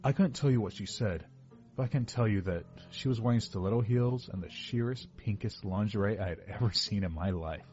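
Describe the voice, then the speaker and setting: A man's voice: on the low side, a little fast, a little mellow, muffled recording, soft background music. A man narrating a first-person horror story in a wry, casual, self-mocking way.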